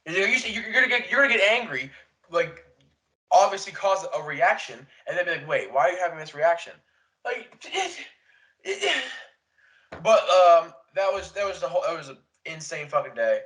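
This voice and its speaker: A young man co-hosting a podcast, rambling through a casual chat, swearing often and retelling events with animated quotes. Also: high-pitched, moderate pace, low-quality recording. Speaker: podcast co-host. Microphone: desk podcast mic.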